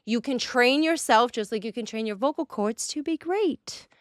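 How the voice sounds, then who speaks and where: A woman's voice: on the high side, normal speed, dry recording. Chatty woman host, dry close sound. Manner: chatty and animated, rambling with playful asides. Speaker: podcast host. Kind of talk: casual chat.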